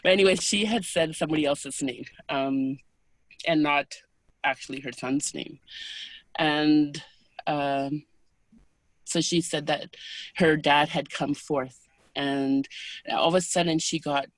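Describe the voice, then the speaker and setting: A woman as an interview guest, calmly recounting personal experiences in a soft, unhurried, hesitant way. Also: low voice, no echo. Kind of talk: personal storytelling in conversation.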